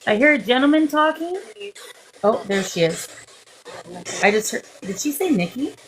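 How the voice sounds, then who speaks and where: A woman's voice: fairly high pitch, very animated, normal speed, a little hiss or hum, poor audio. A woman hosting a live-stream psychic session as a medium, calling spirits with endearments and speaking into a phone. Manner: coaxing, affectionate, talks to spirits with endearments.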